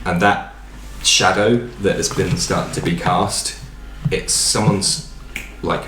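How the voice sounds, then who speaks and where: A man narrating a tabletop game as dungeon master, in a relaxed, rambling way with fillers. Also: deep voice, slow, echoey room, music in the background.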